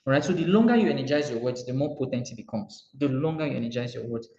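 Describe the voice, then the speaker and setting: A Nigerian man giving a motivational coaching talk, animated and repetitive, acting out little dialogues as he speaks. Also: mid-range voice, fast talker. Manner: animated, acts out dialogue, repeats phrases. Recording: roomy muffled recording.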